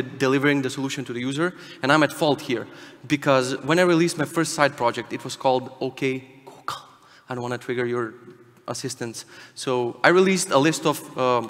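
A man from Macedonia talks from a conference stage in a casual, irreverent way, cracking jokes and swearing freely. His voice sits a little high for a man. The sound carries a long reverb from the large hall around him. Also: fairly bright tone. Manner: irreverent, fast, profane, jokey. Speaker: conference speaker.

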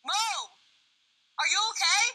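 Frantic woman, very high bright voice. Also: a little slow. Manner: frantic, pleading, swearing. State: scared. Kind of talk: frantic livestream chatter.

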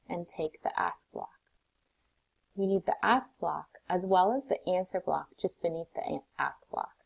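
A woman teacher calmly walking through a coding tutorial step by step, recorded on a desktop mic. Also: on the low side, vocal fry, husky, low-quality recording. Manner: calm, step-by-step instructions.

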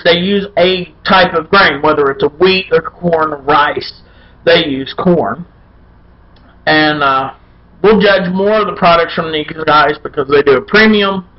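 Folksy man, high voice. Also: lo-fi sound. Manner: loud, folksy and irreverent, with playful chants. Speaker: beer review show host. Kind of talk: casual beer review vlog.

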